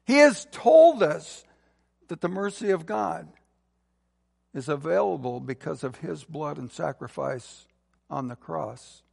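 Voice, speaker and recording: A man preaching a sermon as a pastor, earnestly building to emphatic peaks and dropping to soft, low phrase endings. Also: lively intonation, takes it slowly, vocal fry, breathy edge, long reverb tail.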